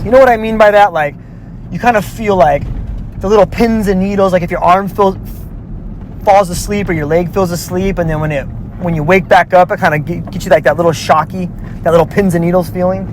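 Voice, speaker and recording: A man's voice: sits high, a little hiss or hum. A man casually telling a personal story, rambling with lots of filler words and restarts.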